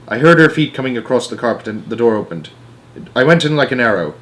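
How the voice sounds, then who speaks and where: Guy reading a kids' book out loud, regular pitch, dramatic storyteller vibe. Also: lively intonation, fast. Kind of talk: reading a children's novel aloud.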